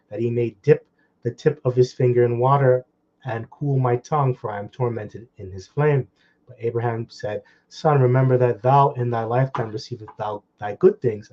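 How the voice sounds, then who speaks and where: A man teaching scripture in an informal, blunt and profane way, swinging from loud outbursts to low muttering. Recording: dull lo-fi recording.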